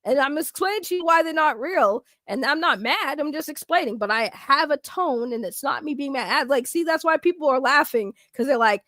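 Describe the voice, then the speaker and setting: Loud lady streamer, high voice, super dry close sound, laughing and yelling at chat. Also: fairly quick, hardly any pauses, dry recording. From Boston, Massachusetts. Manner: loud, excitable, laughs often, talks back to chat. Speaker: streamer reacting to videos. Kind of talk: casual reaction stream chat.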